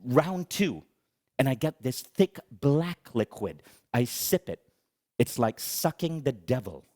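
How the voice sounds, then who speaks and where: A middle-aged man giving a motivational talk on stage, telling a comic story in an animated, dramatic, self-mocking way. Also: medium pitch, takes it slowly. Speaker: motivational speaker.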